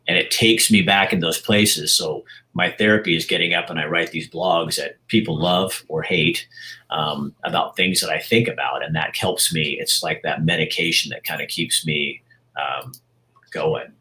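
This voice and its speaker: A man in his sixties being interviewed, talking frankly and reflectively about his life, with halting restarts. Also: sits low, sharp tone, low-quality recording. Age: 60s. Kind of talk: candid personal interview.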